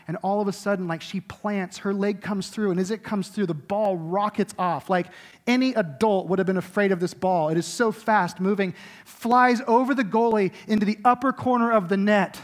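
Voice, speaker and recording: A middle-aged man delivers a sermon as lead pastor in a rather high voice. He tells stories in a loose, chatty way full of asides, then drops into a soft, intimate tone for the message. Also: moderate pace. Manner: animated storytelling with many likes and rights; soft and intimate when preaching.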